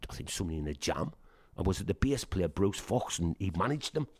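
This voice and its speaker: A middle-aged man with a Sunderland accent chats through his band's history in a casual interview. His voice sits a little low and sounds close and dry, with no room around it. He brings his stories to life by acting out what others said and swears freely along the way. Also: fast, no room sound. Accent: Northeast English (Sunderland). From Sunderland, England. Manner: lively anecdotes, acts out quoted dialogue, swears freely. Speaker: punk band singer, guest.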